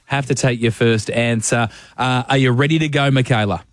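An Australian man hosting a radio show, teasing his co-host in quick banter and running a phone quiz. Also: mid-range voice, fairly even intonation, dry recording, studio quality. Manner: teasing, quick-fire and playful.

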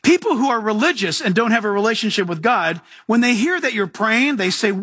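A male pastor preaching a sermon in an animated way, acting out voices and moving between loud and hushed. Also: high-pitched, fairly quick, slightly rough, no room sound, clean studio sound. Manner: animated, acts out voices, shifts from shouting to hushed.

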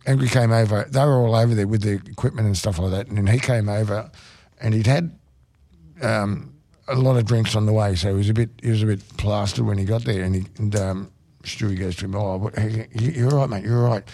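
A man telling rambling anecdotes in casual chat, halting and restarting often. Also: fairly low pitch, dark tone.

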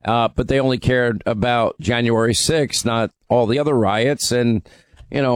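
A man's voice: mid-range voice, dry recording. Emphatic male talk radio host, dry studio sound. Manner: emphatic, with frequent fillers.

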